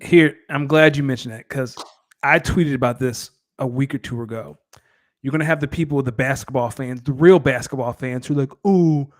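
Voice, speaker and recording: A man's voice: mid-range voice, steady tone, a little fast. A man co-hosting a casual podcast chat, making his case in an emphatic, argumentative way. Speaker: podcast co-host.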